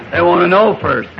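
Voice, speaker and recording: A man's voice: a little high, background noise. A man, a preacher telling a rambling, folksy anecdote during a sermon and chuckling as he goes. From Southern United States. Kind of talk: sermon storytelling. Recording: muffled lo-fi old tape recording.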